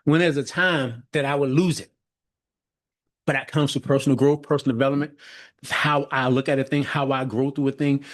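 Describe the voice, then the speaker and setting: A middle-aged man with a medium-pitched voice, a leadership coach, gives a motivational talk that sounds like it's on a video call. He repeats phrases in an emphatic, preacher-like cadence and often restarts his sentences.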